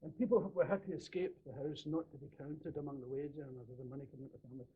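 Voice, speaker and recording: A Glaswegian man reminiscing casually in an interview, telling animated stories and laughing often. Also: on the high side, racing, slightly rough. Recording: dull lo-fi radio recording.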